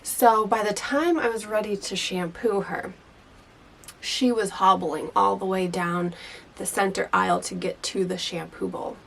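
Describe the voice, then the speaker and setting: A woman in her thirties tells a story in a loose, chatty way, with lots of "like" along the way. Her voice carries a gravelly fry, and a faint hiss sits under the recording. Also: mid-range voice, steady tone, measured pace. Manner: chatty, leans heavily on "like" and "you know". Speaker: hairdresser and vlogger. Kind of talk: casual storytelling.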